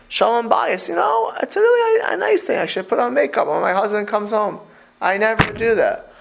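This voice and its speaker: Animated gravelly-voiced rabbi teaching. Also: male voice, high voice, brisk, highs cut off, a little hiss or hum. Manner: animated, conversational, repeats words while restarting; talks straight to the listeners with rhetorical questions. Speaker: rabbi teaching a Torah class. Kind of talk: informal Torah lecture.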